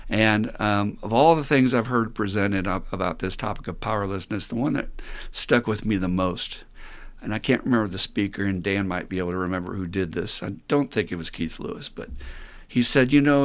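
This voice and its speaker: Older man, lowish voice, casual storytelling, laughs often, recovery talk host. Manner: animated joke-telling, laughs often.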